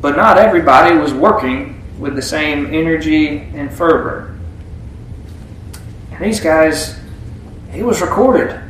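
Folksy preacher in an echoey room. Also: male voice, a little high, measured pace, pauses often, fairly bright tone, slight background noise. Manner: folksy, reads scripture aloud then explains. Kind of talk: Bible teaching sermon. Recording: echoey room with faint ambience.

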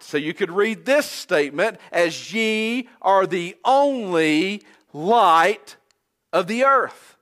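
A man preaching a sermon, quoting scripture in a measured, emphatic way with falling phrase endings. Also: high voice, a bit bright.

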